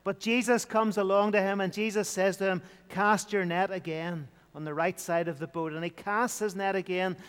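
A man's voice: high-pitched, steady tone, moderate pace, hardly any pauses, fairly bright tone, clean tone, big-room sound. A man preaching an evening sermon in an earnest, repetitive style, building emphasis as he goes.

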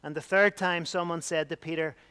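A man preaching a sermon with emphatic delivery, rising loud and dropping to a hush. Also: on the high side, fairly even intonation, brisk, clear, resonant tone.

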